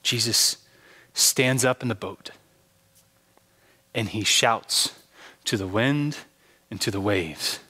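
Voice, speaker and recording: A man's voice: lowish voice, slow, long pauses, pushed and bright, husky. A male pastor preaching a sermon with earnest, dramatic storytelling. He often repeats words as he starts his sentences. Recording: long hall reverb.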